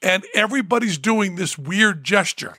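A man co-hosting a podcast, telling a story in casual chat, animated and breaking into loud whoops. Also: high-pitched, normal speed, dry recording, studio quality. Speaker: podcast co-host.

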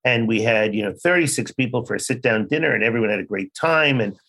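A man's voice: mid-range voice, expressive, fast, a bit bright. An older man, a child psychiatrist, telling stories in an interview, acting out quoted dialogue. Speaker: child psychiatrist, podcast guest. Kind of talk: conversational interview storytelling.

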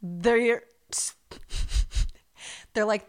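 A young woman telling a story in casual podcast chat, animated and profane, acting out what other people said. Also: mid-range voice, very slow, long pauses, smooth. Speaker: podcast co-host.

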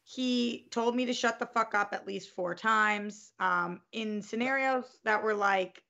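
Gravelly-voiced woman telling a story. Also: medium pitch, a little slow, muffled recording. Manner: animated, acts out quotes, swears freely. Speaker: storyteller in a group chat. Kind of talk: casual storytelling.

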